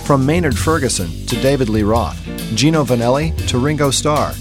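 A man hosting a podcast, reading a scripted introduction of his guest in a smooth announcer manner. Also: mid-range voice, fairly quick. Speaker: podcast host. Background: guitar music.

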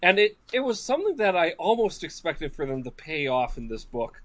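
A man's voice: a little high, big pitch swings, brisk, fairly bright tone, no echo. A man co-hosting a casual book discussion, talking with frequent hesitations and restarts. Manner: hesitant, many restarts and fillers.

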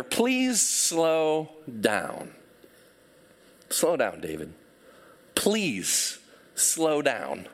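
A man's voice: on the high side, fairly bright tone. A man preaching a sermon to a congregation, telling a personal story with self-deprecating humor and acting out voices. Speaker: pastor.

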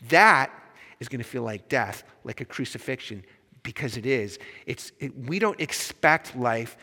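A man's voice: mid-range voice, sharp tone. A man preaching a sermon as pastor, speaking in an impassioned, emphatic way in a church sanctuary. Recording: long reverb in a large hall.

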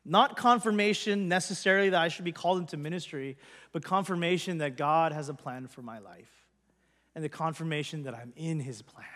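Earnest high-voiced male pastor. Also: a little fast, a bit bright. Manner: earnest, conversational storytelling. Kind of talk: personal testimony to a congregation. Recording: long hall reverb.

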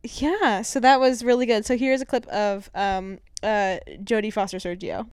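A woman's voice: fairly high pitch, steady tone, normal speed, darkish tone, clear, resonant tone, no room sound, clean studio sound. A woman co-hosting a podcast in an upbeat, chatty way. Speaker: podcast co-host. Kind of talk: casual podcast chat.

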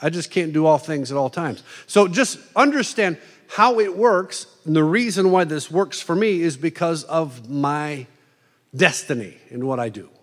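A middle-aged man gives a conversational sermon, playing out quick quoted voices as he talks. His voice sits fairly high for a man. Long reverb trails off the walls of a large hall. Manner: animated, plays out quoted voices in asides. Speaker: preacher.

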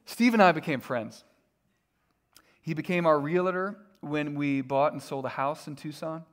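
A man's voice: fairly high pitch, unhurried. A middle-aged man preaching a sermon as a pastor, conversational and self-deprecating, with frequent fillers.

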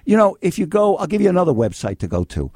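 An older man hosting a call-in legal advice radio show, blunt and excitable, swinging between yelling and calm. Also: high-pitched, quick pace, breathy edge, no echo, studio quality. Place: radio studio.

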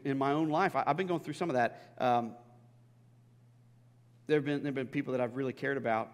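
Man preaching in a reverberant hall. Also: mid-range voice. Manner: conversational, swells to emphatic peaks. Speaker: pastor. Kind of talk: sermon. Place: church sanctuary.

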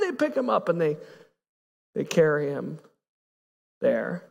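A man preaching a sermon as pastor, impassioned, swinging between hushed and excited delivery. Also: fairly high pitch, takes it slowly, gravelly, long pauses, big-room sound.

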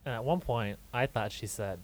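A young man co-hosting a podcast, chatting about a movie in an animated, giggly way with crude asides. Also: mid-range voice, moderate pace. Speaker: podcast co-host. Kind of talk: casual chat about a movie.

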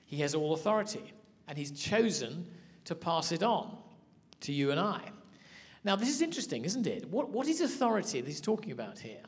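A man teaching a sermon, telling stories in an animated way. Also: on the high side, a little fast. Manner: storytelling, animated. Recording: hall reverb.

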